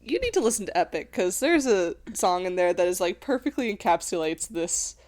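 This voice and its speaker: A woman co-hosting a podcast, chatting in an animated way about book chapters and often saying "like". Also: lowish voice, fairly quick. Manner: chatty and animated, many fillers like "like". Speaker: podcast co-host. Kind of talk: casual book-review chat.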